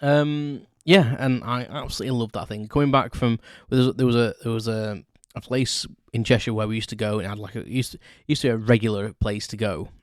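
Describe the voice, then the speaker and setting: A man's voice: mid-range voice, steady tone, fairly quick, hardly any pauses, no echo, clean studio sound. A man hosting a solo podcast, telling childhood stories in a rambling, self-correcting way with chuckles. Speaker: podcast host. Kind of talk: casual solo storytelling.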